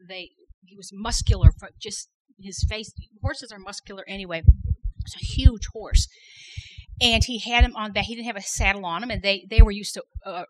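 A woman's voice: mid-range voice, fairly bright tone, a little hiss or hum, rough recording. A middle-aged woman sharing a faith testimony at a women's workshop, earnest and repeating words for emphasis. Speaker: women's conference workshop speaker.

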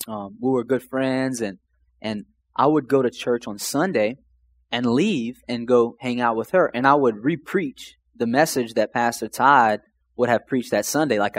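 A young man from Louisiana, speaking at medium pitch with no echo, casually relates his faith testimony. His emotional, rambling account leans heavily on "man" and "like" in a personal storytelling manner.

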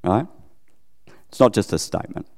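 A man's voice: lowish voice, animated, normal speed, vocal fry, a little mellow, in a large hall. A middle-aged Australian man preaching a casual, conversational sermon, often checking in with his listeners and poking fun at himself. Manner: chatty, self-deprecating, asks listeners questions.

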